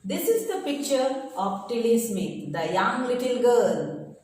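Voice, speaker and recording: A woman teacher, slowly reading a textbook chapter to pupils and explaining each word in simple terms, with pauses and fillers. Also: fairly high pitch, sing-song, darkish tone, far from the mic. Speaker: school teacher. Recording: echoey room, voice from away from the mic, faint noise.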